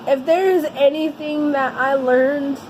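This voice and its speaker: A woman telling a personal story in a vlog, earnest and halting, often restarting her sentences. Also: high voice, fairly even intonation, darkish tone, slight background noise, poor audio. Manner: somber, heavy-hearted telling. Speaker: vlogger.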